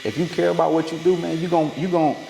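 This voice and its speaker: A man's voice: a little high, flat delivery, quick pace, creaky, mellow, slight background noise. A young man with a Southern Georgia accent, talking loosely as a podcast guest and laughing often. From Fort Valley, Georgia. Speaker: podcast guest, tattoo artist. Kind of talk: casual podcast chat. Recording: echoey room with long reverb.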